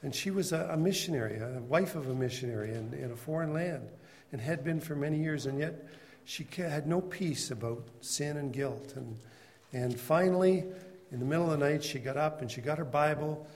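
A man's voice: on the high side, moderate pace, darkish tone, long reverb tail, slight background noise. A man teaching a Bible class in a conversational storytelling way, calling on class members by name.

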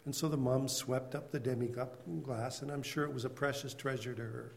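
A man's voice: medium pitch, steady tone, a little fast, vocal fry, big-room sound, slight background noise. A man teaching a Bible class in a conversational storytelling way, calling on class members by name.

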